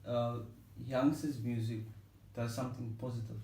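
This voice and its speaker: A man's voice: medium pitch, fairly even intonation, normal speed, dark tone. A man co-hosting a music vlog who talks in an analytical way, hesitating and repeating words. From not from Cape Town. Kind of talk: casual discussion. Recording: echoey room, mic at a distance.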